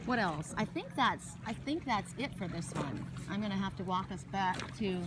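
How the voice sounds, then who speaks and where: A woman's voice: mid-range voice, animated, moderate pace, very noisy. A woman giving a casual oracle card reading outdoors by the water, talking in a rambling way with many restarts. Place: outdoors by water in a wooded glen.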